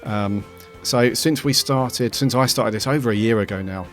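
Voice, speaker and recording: Easygoing low-voiced podcast host. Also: male voice, moderate pace, fairly bright tone, faint music behind. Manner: easygoing, thankful, rambling with ums. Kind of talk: casual chat.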